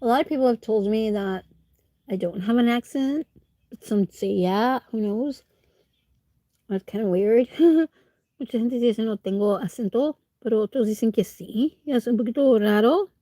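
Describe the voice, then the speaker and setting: A woman's voice: on the high side, moderate pace, dark tone, no room sound. A woman livestreamer with a stuffy nose, chatting casually with viewers while she eats and answering their comments. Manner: chats while eating, talking with food in her mouth.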